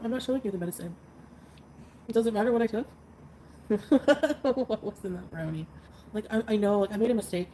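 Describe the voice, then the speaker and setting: A congested, drowsy woman chats on a livestream in a voice of middling pitch. She rambles along, packing in fillers and little laughs. A faint hiss of noise runs underneath. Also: warm tone, poor audio. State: congested and drowsy from flu medicine. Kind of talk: casual livestream chat. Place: bedroom.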